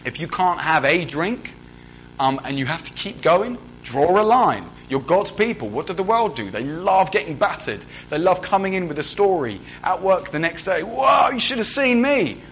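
A man's voice: fairly high pitch, animated, moderate pace, slight background noise, low-quality recording. Conversational young male preacher. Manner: conversational, asks the congregation questions. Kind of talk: sermon.

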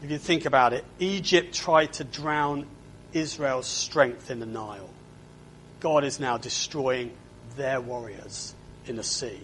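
A man's voice: mid-range voice, measured pace, fairly bright tone, slight background noise. A man preaching a sermon, often asking his listeners to agree and repeating his words.

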